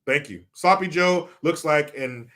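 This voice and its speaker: A man's voice: fairly high pitch, unhurried, bright, forceful tone. A man reading viewer comments on a live stream, joking, swearing and mock-outraged.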